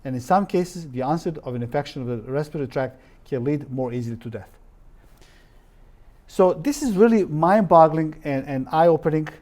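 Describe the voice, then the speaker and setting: A man's voice: fairly high pitch, animated, normal speed, a little mellow. Emphatic man lecturing from slides. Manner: reads quotes aloud, stresses words, drops articles. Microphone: live-stream recording.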